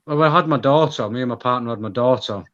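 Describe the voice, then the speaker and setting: On a casual podcast, a thirty-something guest from Manchester speaks openly and rambles, frequently starting over. He's a fast talker with a mid-range, fairly bright voice, heard through slightly dull lo-fi audio.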